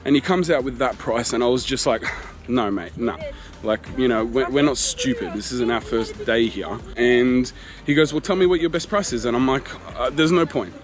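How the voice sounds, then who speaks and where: A man's voice: medium pitch, normal speed, few pauses, music in the background. Man in his thirties venting. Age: 30s. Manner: animated, exasperated retelling with quoted exchanges. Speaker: travel vlogger. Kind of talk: casual storytelling to camera. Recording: faint street noise behind.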